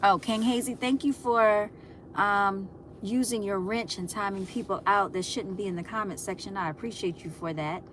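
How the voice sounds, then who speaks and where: A woman's voice: mid-range voice, normal speed, fairly bright tone, slight background noise. Chatty woman talking to viewers. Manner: chatty, laughs often, addresses viewers as y'all. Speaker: livestream host. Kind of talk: casual chat with viewers.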